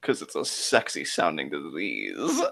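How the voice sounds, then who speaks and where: A man's voice: rumbling low, wildly swooping pitch, a little slow, gravelly, bright, forceful tone. A man co-hosting a live wrestling reaction show in casual, crude, sarcastic chat, swearing freely.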